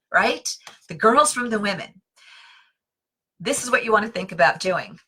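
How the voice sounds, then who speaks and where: Chatty lady doing a live design lesson, low-ish voice but really bright, lots of ums and tangents. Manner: chatty and self-deprecating, with many fillers and asides. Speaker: interior design teacher hosting a live stream. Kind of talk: casual live-stream teaching.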